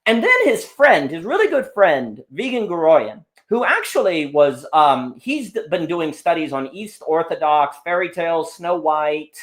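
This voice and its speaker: A podcast guest in casual conversation, this man has a slightly high voice whose pitch swings widely as he tells stories. His delivery is animated and rambling, a little slow with hardly any pauses, and he keeps restarting sentences and drifting into asides.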